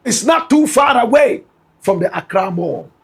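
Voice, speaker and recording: A man's voice: very high voice, expressive, measured pace, creaky, breathy edge. A man with a Ghanaian accent giving dramatic gossip news commentary, emphatic and speaking straight to his listeners. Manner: emphatic, repeatedly addresses listeners as "my brother, my sister".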